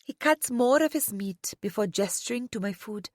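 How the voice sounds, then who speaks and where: A soft-spoken woman narrating a first-person romance audiobook, often dropping to a whisper. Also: medium pitch, expressive, normal speed, no room sound, studio quality.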